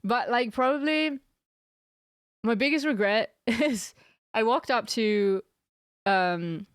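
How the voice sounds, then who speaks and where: A woman's voice: on the high side, takes it slowly, clear, resonant tone, dry recording. Giggly young woman streamer, dry sound. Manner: giggly, rambling storytelling. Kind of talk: casual chat with stream viewers.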